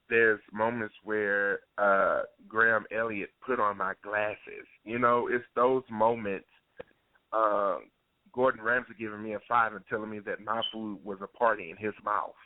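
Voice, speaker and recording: Excitable man on a tinny phone line. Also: lowish voice, dry recording. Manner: excitable, laughs easily, colloquial. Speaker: guest, cooking show contestant. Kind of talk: casual phone interview.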